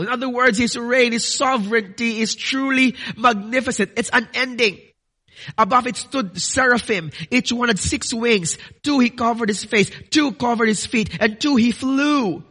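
A man's voice: very high-pitched, normal speed, sharp tone. A man preaching a sermon, earnest and building to emphatic declarations, addressing listeners as dearly beloved.

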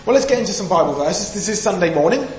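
A man from the UK delivers an emphatic sermon, often throwing questions out to his listeners. His voice sits a little high for a man. The sound is roomy and echoey, with a faint hum underneath. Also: animated, quick pace, darkish tone. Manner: emphatic, asks the audience questions. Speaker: preacher.

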